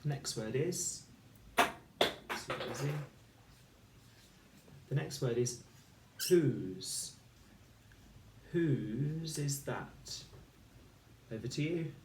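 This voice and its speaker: A man teaching a recorded phonics lesson for children, speaking slowly and clearly and sounding out each letter and word. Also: mid-range voice, animated, very noisy. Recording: echoey room, voice a little far from the mic.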